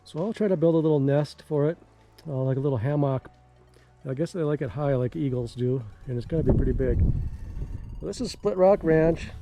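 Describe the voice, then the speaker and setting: A man with a mixed Minnesota and Georgia accent talks to the camera in a loose, folksy, rambling way at a mid pitch. He is outdoors on a desert ranch, and clear background music plays under his voice. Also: normal speed, mellow. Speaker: vlogger. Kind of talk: casual vlog chat.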